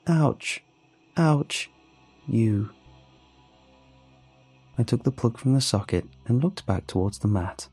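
A man narrating a first-person horror story in a measured, storytelling manner. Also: lowish voice, dark tone, breathy edge.

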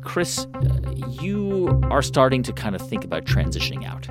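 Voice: medium pitch, wildly swooping pitch, normal speed, over loud music. An interviewer who sums up the story and asks questions, with fillers along the way.

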